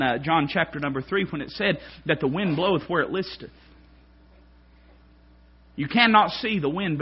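A fervent male pastor preaches in a church, his high voice leaping up and down in pitch. The tone is husky and a little breathy. The recording is muffled and lo-fi. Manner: fervent, swings from quiet to shouted. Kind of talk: preaching sermon. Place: church sanctuary.

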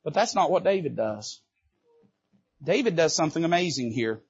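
High-voiced husky man preaching a sermon. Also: big pitch swings, normal speed, muffled recording. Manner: emphatic, swinging from loud bursts to quiet asides; quips to the congregation. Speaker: Baptist preacher. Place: church sanctuary at the pulpit.

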